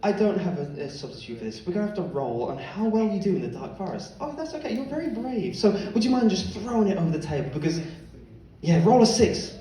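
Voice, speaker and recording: A man's voice: on the high side, sing-song, fast talker, noisy background. A man hosting a live stage game as game master, playful and often laughing. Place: stage before a live audience. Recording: echoey hall, far mic, crowd.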